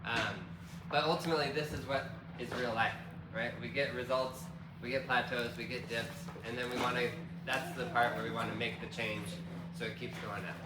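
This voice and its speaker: A man fitness coach explaining progress to a group, steady, checking in with "right?". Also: medium pitch, moderate pace, distant mic. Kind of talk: group workshop talk. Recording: roomy, from across the room, loud noise.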